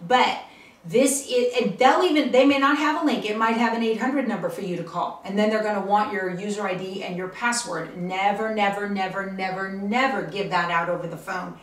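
A woman's voice: mid-range voice, moderate pace, far from the mic. A middle-aged woman hosting a casual tutorial, chatty and emphatic, often checking in with her viewers. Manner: chatty, emphatic, checks in with "okay?" and "all right?". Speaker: channel host teaching online safety. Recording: roomy, from the mic.

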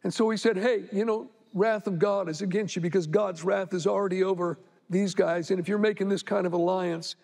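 A male pastor delivers a sermon in a strikingly high voice, reading scripture and then retelling it in a loose, conversational way. He pushes into sharp, emphatic indignation when he argues a point. His voice rings out with a long reverb, as if from a big hall. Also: fairly even intonation, brisk, vocal fry.

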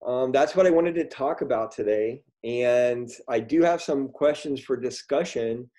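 Slow, mellow-voiced man on a video call. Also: mid-range voice. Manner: halting, many ums and restarts. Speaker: guest speaker. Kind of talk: storytelling talk in a virtual meeting.

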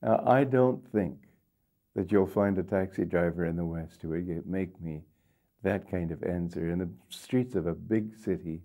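An older man, a spiritual teacher, gently telling stories in a sermon, unhurried with frequent pauses. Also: deep voice. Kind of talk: storytelling sermon.

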